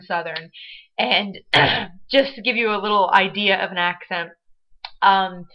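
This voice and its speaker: A young woman with a Midwestern American accent talks through a vlog in a chatty, bubbly way, dropping fillers as she goes. Her voice sits at a middling pitch for a woman. The audio is dull and lo-fi, like a webcam mic. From Michigan, USA. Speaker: vlogger. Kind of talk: casual vlog chat.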